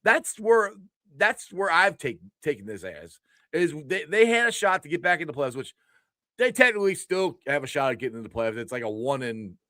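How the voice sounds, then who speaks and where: A man hosting a casual sports talk show, animated, repeating words as he talks over a remote call. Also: a little high, normal speed, no room sound, clean studio sound. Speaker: podcast host.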